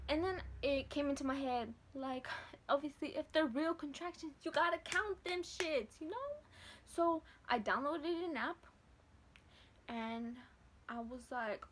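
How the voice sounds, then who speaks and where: A young woman vlogger telling a story to camera in a casual, slangy, heavily profane and animated way. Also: high voice, moderate pace. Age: late teens to early 20s.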